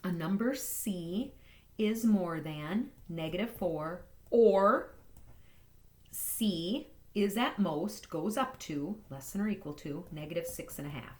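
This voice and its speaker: A woman math teacher walking through inequality problems in a recorded lesson, upbeat and playful, talking fast. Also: fairly low pitch.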